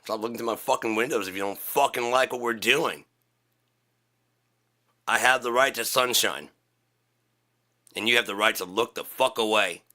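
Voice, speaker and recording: A man hosting his own channel, delivering a profane rant to camera that swings between loud shouting and low muttering. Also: moderate pace, long pauses. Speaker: channel host.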